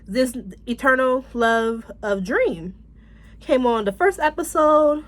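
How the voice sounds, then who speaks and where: A woman with a fairly high voice chats her way through a drama review. She rambles and stays animated, laughing now and then and swearing freely. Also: slow. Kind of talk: casual review chat.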